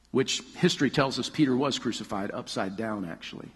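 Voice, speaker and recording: A man preaching a sermon in a large hall with animated storytelling. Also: medium pitch, brisk, hardly any pauses, slightly rough. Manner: animated storytelling, hushed at the close. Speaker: pastor. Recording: long hall reverb.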